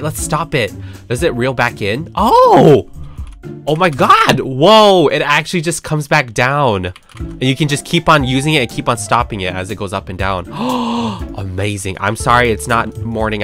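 A young man showing off a game update, talking excitedly and gasping and squealing often. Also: mid-range voice. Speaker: gaming YouTuber.

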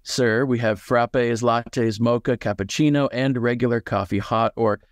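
A man's voice: medium pitch, measured pace, no echo, studio quality. A man reading a story aloud and voicing a bored, impatient teenage boy taking orders through a muffled drive-thru speaker. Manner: flat, growing impatient.

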